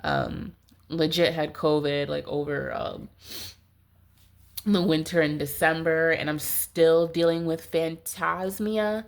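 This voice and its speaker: A woman with a blocked nose and a distinctly nasal sound gives a casual tarot reading. Her voice sits a little low. She rambles and fills her talk with "like". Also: lively intonation, slow pace, vocal fry. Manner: rambling, heavy use of "like". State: stuffy nose, congested. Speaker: tarot reader.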